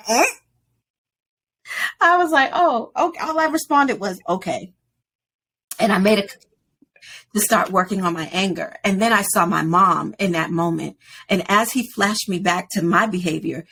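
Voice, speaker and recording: A woman in her forties, a podcast guest, telling a personal story in an animated way. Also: lowish voice, creaky, husky. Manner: animated storyteller, acts out quoted voices.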